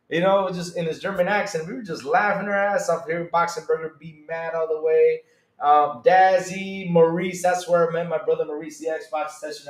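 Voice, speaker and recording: A man's voice: a little high, echoey room. A man hosting a podcast in casual live-stream chat, rambling and reading out chat messages. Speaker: podcast host.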